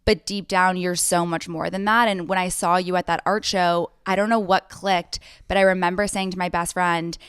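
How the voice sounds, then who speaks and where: A woman's voice: fairly low pitch, steady tone, moderate pace, few pauses, clear, resonant tone, no echo, studio quality. A young adult woman hosting a podcast, telling a personal story in an effusive, chatty way with frequent "like" asides. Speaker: podcast host. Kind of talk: casual podcast conversation.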